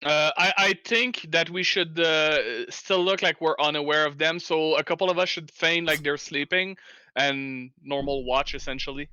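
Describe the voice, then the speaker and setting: A man playing a tabletop game, planning tactics out loud in a deliberate way. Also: on the high side, smooth, no echo, muffled recording. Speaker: player.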